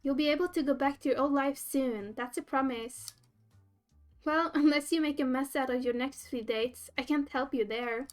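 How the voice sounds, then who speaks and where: A woman's voice: high voice, moderate pace, faint music behind, lightly acted. A woman reading the lines of an upbeat host on a dating show in a game.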